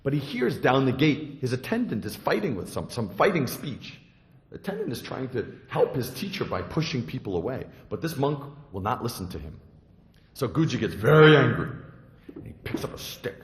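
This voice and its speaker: A Zen monk from the United States giving a dharma talk, telling a story with sound effects. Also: male voice, medium pitch, sing-song, moderate pace. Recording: echoey hall.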